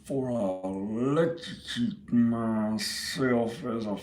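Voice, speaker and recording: A man in his forties talks at a slow, unhurried pace in a fairly low voice, rambling from thought to thought. He breaks into laughter and swears freely as he goes. The sound is roomy, with the voice echoing off the walls. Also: darkish tone, a little hiss or hum. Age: 40s. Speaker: indie filmmaker. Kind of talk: rambling casual monologue. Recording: roomy echo.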